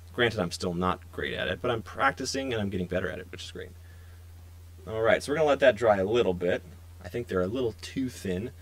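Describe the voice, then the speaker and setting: A young man with a lowish voice hosts a casual painting stream. He chats with viewers in a loose, friendly ramble as he works, recorded close and dry with no room sound. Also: no echo. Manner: relaxed, chatty, talks to viewers while working. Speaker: miniature painting stream host.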